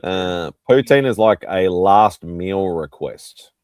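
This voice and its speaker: Aussie guy hosting a stream chat, lowish voice, jokey, rambles a bit. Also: animated, slow, darkish tone, clean tone, no room sound. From Australia. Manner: joking, rambling, laughs often. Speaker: host. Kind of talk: casual chat on a livestream panel.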